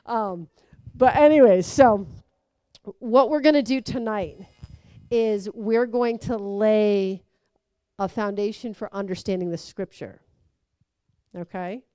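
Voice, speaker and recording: A woman giving a conversational sermon, telling stories with lively acted-out quotes. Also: mid-range voice, takes it slowly, long pauses, clear, resonant tone, dry recording. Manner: animated storytelling, acts out quotes. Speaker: preacher.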